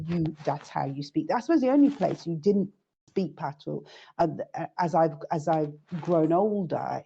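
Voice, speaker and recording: A woman's voice: low-pitched, creaky, mellow, husky. A woman from the United Kingdom, a guest sharing reflective stories in casual chat. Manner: reflective, storytelling. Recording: dull lo-fi audio.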